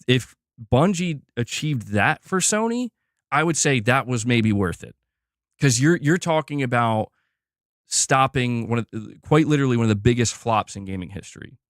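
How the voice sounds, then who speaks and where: A man speaking at a middle pitch, delivering a blunt, opinionated solo commentary. He is emphatic, swears freely, and circles back over his own points. The voice is recorded dry and close, with no room sound. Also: no echo. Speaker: gaming news commentator.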